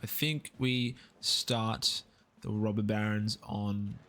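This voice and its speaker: A man's voice: fairly low pitch, steady tone, takes it slowly, a bit bright. A young Australian man with an Australian accent, rambling casually and upbeat while streaming a strategy game and chatting with viewers. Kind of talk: casual live-stream gameplay chat. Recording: faint music behind the voice. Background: faint background music.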